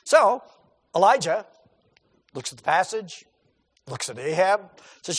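A male pastor delivering a sermon with emphatic, rhetorical questions and repeated words for stress. His voice is high and very lively in pitch, and it rings with the long reverb of a big hall. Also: a little slow, pauses often, breathy edge.

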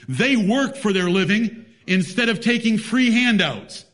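A man's voice: high-pitched, a little slow, fairly bright tone. A man preaching a sermon, emphatic, reading scripture in old-fashioned biblical wording.

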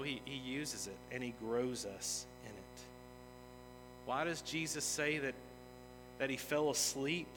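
A man preaching a sermon as a pastor, earnest and emphatic, building intensity in places. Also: mid-range voice. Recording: long reverb of a large hall with music.

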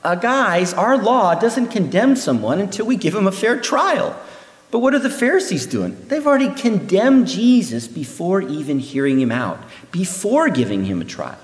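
A man teaching through a Bible passage in an animated way, acting out the voices he quotes. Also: sits high, moderate pace. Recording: echoey hall reverb.

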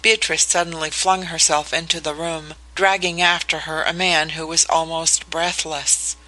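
An audiobook narrator reading a novel in a measured, even way. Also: mid-range voice, rough recording. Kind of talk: scripted narration.

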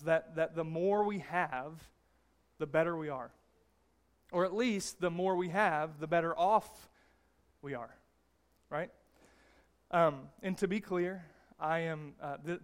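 A male pastor preaching a sermon in a conversational way, restarting phrases often and checking in with tags like "all right?". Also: high-pitched.

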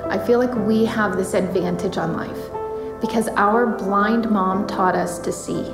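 Sincere woman over loud music. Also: medium pitch, steady tone, a little slow, echoey room. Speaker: daughter. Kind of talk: documentary interview.

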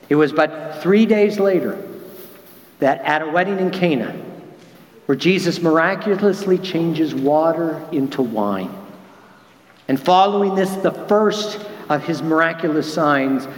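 A man preaching a sermon, acting out the quoted lines with lively swings in his voice. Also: measured pace. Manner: animated, acts out quoted lines with big pitch jumps. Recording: echoey hall.

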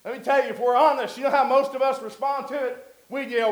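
A man with a very high voice preaches a sermon. He talks to the congregation in a conversational way, then climbs to loud, emphatic peaks. His voice rings through an echoey church hall. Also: little pitch movement, brisk.

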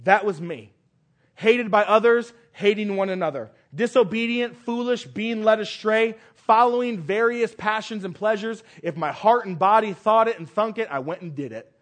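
A male pastor preaching a sermon, stressing phrases by repeating them and swinging between loud declarations and hushed lines. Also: sits high, normal speed, hardly any pauses.

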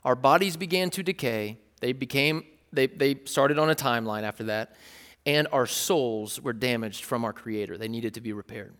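A man's voice: mid-range voice, moderate pace, a bit bright. A man preaching a sermon as a pastor, talking in a conversational, explanatory way with frequent "like" and restarts. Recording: long hall reverb.

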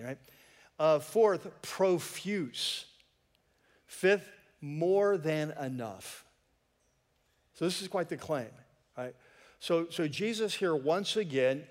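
Casual, joking pastor in a reverberant hall. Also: male voice, a little high. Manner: conversational, joking asides to the congregation. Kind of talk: sermon. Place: church sanctuary. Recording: long reverb of a church hall.

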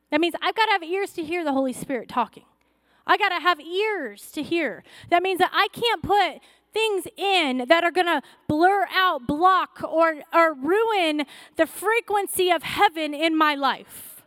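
A woman's voice: high-pitched, lively intonation, normal speed, fairly bright tone, dry recording, studio quality. A woman pastor preaching a fervent sermon, exhorting her church with rising, repeated calls.

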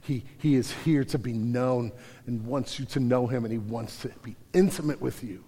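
A man's voice: medium pitch, normal speed, mellow, husky. Passionate male pastor in a reverberant church. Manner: passionate, builds to emphatic climaxes. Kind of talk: sermon. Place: church sanctuary. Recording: hall reverb.

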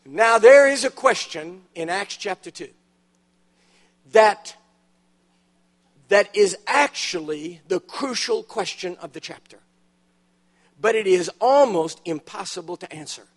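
A man's voice: sits high, animated, takes it slowly, long pauses. A man preaching a sermon in a church, telling humorous stories and building to emphatic punchlines. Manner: storytelling with dramatic punchlines, emphatic rises. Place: church auditorium.

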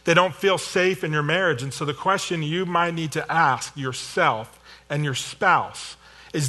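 A man's voice: a little high, moderate pace, pushed and bright. A middle-aged man giving a sermon, conversational and self-deprecating, with storytelling asides. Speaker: pastor.

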